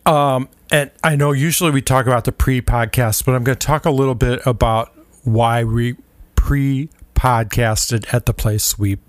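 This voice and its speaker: A man co-hosting a food podcast in a small studio, chatting in a relaxed, rambling way with many fillers. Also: medium pitch, moderate pace, no room sound. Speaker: podcast co-host. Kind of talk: casual chat.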